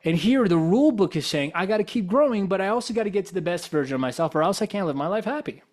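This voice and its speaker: A man's voice: sits high, animated, quick pace, darkish tone. A man giving a motivational talk as a guest speaker, telling stories and pressing his audience with rhetorical questions. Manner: probing, full of rhetorical questions.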